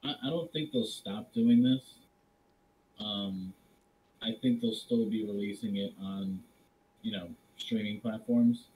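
A man's voice: fairly low pitch, slow pace, a little mellow, a little hiss or hum, poor audio. A man co-hosting a podcast in casual chat, talking hesitantly with lots of fillers and restarts. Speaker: podcast co-host.

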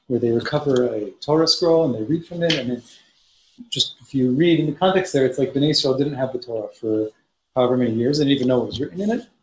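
A man teaching a Torah study class, reading Hebrew passages aloud and explaining them in English with frequent restarts. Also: mid-range voice. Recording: roomy echo, faint noise.

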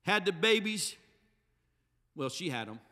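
A male pastor preaching a Pentecostal sermon in a church, swinging from soft, intimate passages to shouted climaxes. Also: high-pitched, very animated, unhurried. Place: church sanctuary. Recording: long church hall reverb.

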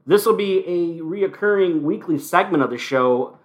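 A man's voice: sits high, expressive, normal speed, few pauses. A man hosting a casual solo wrestling recap podcast, talking with wry, sarcastic asides, recorded at home. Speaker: podcast host.

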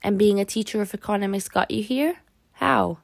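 A man's voice: high voice, normal speed, gravelly, no echo. A woman reading a curious young prisoner. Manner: curious, questioning. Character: young male prisoner recovering from illness, curious. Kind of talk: audiobook character voice.

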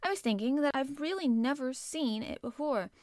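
A woman's voice: sits high, expressive, moderate pace, a little mellow, no echo, studio quality, voice pushed up. A woman voicing a lordly, commanding young boy who is sickly and dreamy.

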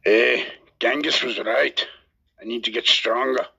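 A man voicing a drunk Scottish man bragging in a pub, with a put-on Scottish accent and crude, deadpan storytelling. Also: mid-range voice, unhurried, creaky, breathy edge, full character voice. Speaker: caller. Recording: dull lo-fi voice message.

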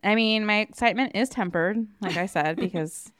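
A woman's voice: mid-range voice, moderate pace, no room sound, clean studio sound. A woman co-hosting a podcast in casual chat, joking crudely and giggling often. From California. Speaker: podcast co-host.

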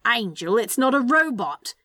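Storybook reading: woman voicing a high, drawn-out, indignant male demon, melodramatic. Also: very animated, no echo, clean studio sound, exaggerated voice. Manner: theatrical, indignant yelling. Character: dramatic paranoid male demon.

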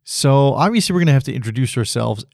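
A man's voice: mid-range voice, lively intonation, fast talker, creaky, a little mellow, dry recording. Rambling man podcasting alone, dry sound. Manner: self-deprecating, laughs at his own jokes. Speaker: podcast host. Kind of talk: rambling solo podcast monologue.

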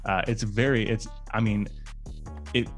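A man's voice: lowish voice, steady tone, unhurried, soft background music. A man co-hosting a casual podcast chat, rambling with many fillers and restarts. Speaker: podcast co-host.

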